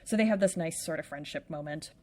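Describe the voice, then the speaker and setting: A woman's voice: deep voice, brisk, warm tone. A woman co-hosting a podcast, recapping a play in casual chat with a playful, chatty manner and lots of "like". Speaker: podcast co-host.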